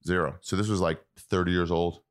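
A man's voice: deep voice, fairly even intonation, a little fast, dry recording, studio quality. A man in his thirties, a comedian guest chatting casually and telling blunt, crude stories. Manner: crude, blunt storytelling with acted-out quotes. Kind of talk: casual podcast chat.

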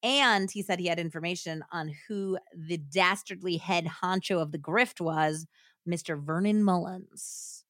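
A woman's voice: lowish voice, unhurried, fairly bright tone, no echo, clean studio sound. A woman hosting a podcast, telling a true-crime story casually with many fillers and laughs. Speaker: podcast host.

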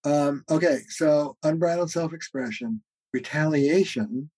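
Husky-voiced man teaching in a mellow tone. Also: mid-range voice, normal speed, no room sound, rough recording. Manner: earnest, teaching tone, acts out quoted arguments, frequent "uh" fillers. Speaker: guest therapist and author. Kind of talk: podcast interview, explaining ideas.

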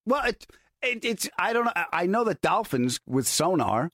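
A man hosting a podcast, telling a story in a deadpan way that builds to a punchline. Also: high voice, normal speed, no echo, clean studio sound. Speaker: podcast host. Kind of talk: casual chat, storytelling.

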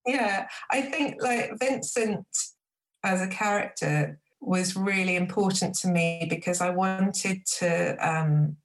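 A woman novelist reading from her own book with measured, reflective delivery, then talking about the writing. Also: fairly low pitch. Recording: roomy echo.

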